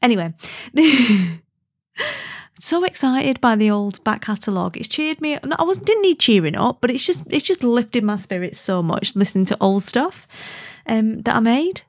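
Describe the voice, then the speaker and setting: A woman's voice: on the high side, sing-song, moderate pace. A woman hosting a podcast in casual chat, bubbly and gushing, laughing often. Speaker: podcast host.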